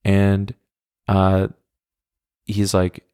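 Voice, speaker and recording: Flat and dark-toned, a young man's lowish voice moves at a moderate pace as he hosts a podcast. In his twenties, he tells a long, wry, meandering story with lots of swearing, and the recording is dry and studio quality.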